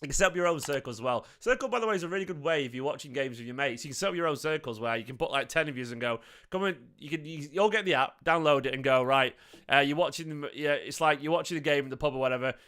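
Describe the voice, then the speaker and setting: A man's voice: fairly high pitch, rapid-fire, hardly any pauses, fairly bright tone. A young man hosting a football fan live stream, chatting casually and rambling as he greets viewers from the chat. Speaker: fan channel host.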